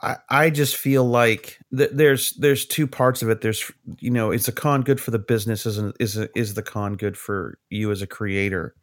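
Animated middle-aged man telling stories. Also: on the low side, normal speed, hardly any pauses. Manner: animated anecdotes, acts out quoted voices, swears. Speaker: podcast co-host, cartoonist. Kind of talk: casual storytelling chat.

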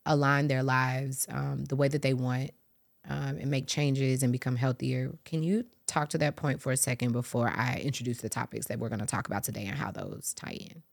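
Woman podcast host, low voice, expressive chatty delivery. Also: creaky. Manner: expressive, animated, swears casually. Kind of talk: casual chat.

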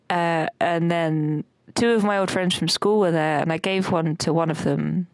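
A woman's voice: sits low, fairly even intonation, moderate pace, dry recording. A woman co-hosting a podcast, telling a rambling dream story with lots of fillers and laughter. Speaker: podcast co-host recounting a dream. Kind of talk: casual chat.

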